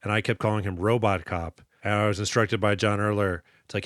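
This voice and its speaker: A man's voice: fairly low pitch, fairly even intonation, brisk, a bit bright, no echo, clean studio sound. A man co-hosting a casual comedy podcast, jokey and self-deprecating, swearing freely. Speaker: podcast co-host.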